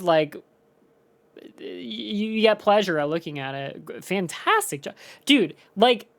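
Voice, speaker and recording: A woman co-streamer chatting casually and laid-back, saying "dude" and "like" a lot while talking to chat. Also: fairly low pitch.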